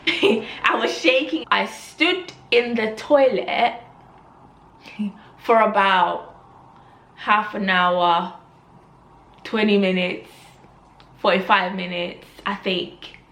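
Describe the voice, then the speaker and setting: Animated woman telling a story. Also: medium pitch, takes it slowly, long pauses, echoey room. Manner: animated storytelling with loud gasping reenactments. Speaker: vlogger. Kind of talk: storytime vlog.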